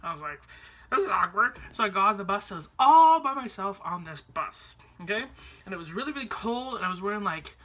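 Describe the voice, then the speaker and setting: A man's voice: high-pitched, very animated, fairly quick, fairly bright tone. A man from Canada, chatting to camera about a trip in a rambling way, full of fillers and restarts. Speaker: vlogger. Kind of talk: casual storytelling to camera.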